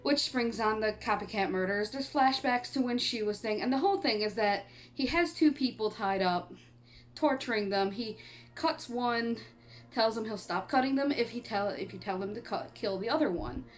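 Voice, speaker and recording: A woman's voice: a little high, moderate pace. A woman from Canada chatting casually in a horror movie review vlog, rambling and laughing often, and she has the hiccups. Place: home on an island in eastern Canada.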